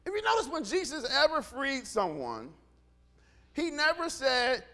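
A middle-aged pastor delivers a sermon in a very high voice at an unhurried pace, animatedly swinging between quiet asides and shouts while acting out dialogue.

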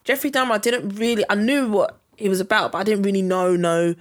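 A woman in a casual podcast chat, chatty and quick to laugh, sometimes stumbling over long words. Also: mid-range voice, steady tone.

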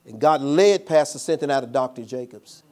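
A man's voice: mid-range voice, expressive, moderate pace, a little mellow. A man preaching a sermon as pastor, telling a personal story with call-and-response.

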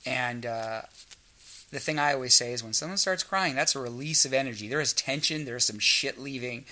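Man, casual storyteller, bright tone, plays out each quoted line. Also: medium pitch, a little fast. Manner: storytelling, acts out quoted dialogue. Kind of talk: frank casual chat.

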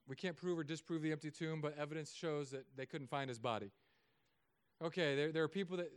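A man preaching a sermon as a pastor, telling stories with self-mocking humor and often dropping to soft, quiet tones. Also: fairly high pitch.

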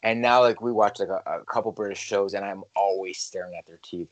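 A man's voice: lowish voice, fairly even intonation, a little fast, poor audio. A young man chatting casually as a podcast co-host, rambling, swearing and mumbling. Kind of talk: casual chat.

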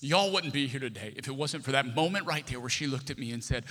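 A man preaching, telling a personal story in an animated, self-interrupting way and joking with the congregation. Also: mid-range voice, quick pace, hardly any pauses. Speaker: pastor. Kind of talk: sermon storytelling. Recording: reverberant hall.

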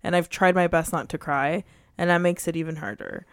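A woman's voice: lowish voice, clean tone, no echo, clean studio sound. A young woman talking openly and emotionally with her boyfriend in a casual conversation. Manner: emotional, earnest, quick bursts of emphasis. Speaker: girlfriend in couple conversation. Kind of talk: casual couple chat.

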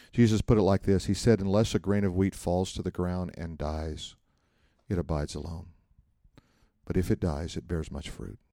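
A man's voice: deep voice, dry recording, clean studio sound. A man teaching a church class in a conversational sermon style, telling stories, acting out quotes and asking the room questions. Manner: animated storytelling, acts out quotes, asks the room questions.

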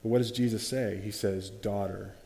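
A man of medium pitch and moderate pace leads a group Bible study, his mellow, warm voice echoing with long reverb in the room. He's animated, often restarting sentences and acting out the quotes he reads.

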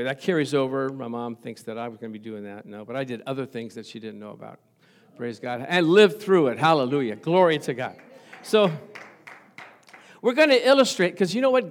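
A middle-aged man delivers a sermon with a voice pitched a little higher than most men. He presses his points home by repeating phrases, and he chuckles at his own stories along the way. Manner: emphatic, repeats phrases for stress. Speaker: pastor.

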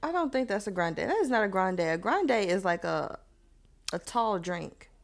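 A woman's voice: mid-range voice, expressive, normal speed, vocal fry. A woman co-hosting a casual podcast, asking skeptical, teasing questions. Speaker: podcast co-host. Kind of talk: casual chat.

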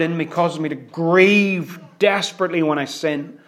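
A man preaching a sermon, his voice sitting a little high for a man. He drives his points home loudly, then drops to hushed near-whispers. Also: normal speed. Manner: dramatic swings from loud emphatic declarations to hushed near-whispers.

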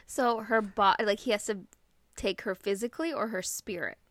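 A woman co-hosting a podcast, chiming in with quick jokes and questions in casual chat about books. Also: medium pitch, dry recording, clean studio sound. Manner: quick joking interjections, apologetic. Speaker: podcast co-host.

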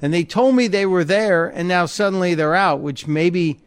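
Chatty male radio host, crisp dry sound. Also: high-pitched, normal speed, no room sound. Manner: chatty, joking, laughs easily. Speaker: radio talk show host. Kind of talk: casual call-in radio talk. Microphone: studio microphone.

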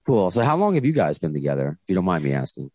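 A deep-voiced man hosts a podcast in a loose, rambling chat, his pitch swinging widely as he talks. The sound is dry and close, with no room around it. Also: very animated, fast talker, darkish tone, no echo. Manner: chatty, rambling with restarts. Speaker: podcast host. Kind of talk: casual chat. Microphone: video call.

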